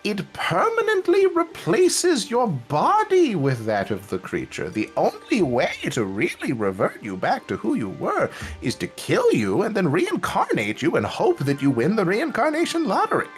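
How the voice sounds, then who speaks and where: A man voicing a proud, excitable male wizard scholar who talks fast and high in a tabletop game. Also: soft background music, poor audio. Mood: chipper. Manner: chatty, high-pitched and animated.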